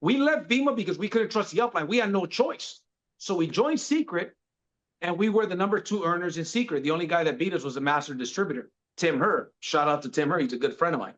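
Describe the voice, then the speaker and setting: A man's voice: sits high, animated, fast talker, fairly bright tone. Man casual, bro-talking storyteller. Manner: laid-back, peppers speech with "bro". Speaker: podcast guest. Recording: dull lo-fi sound.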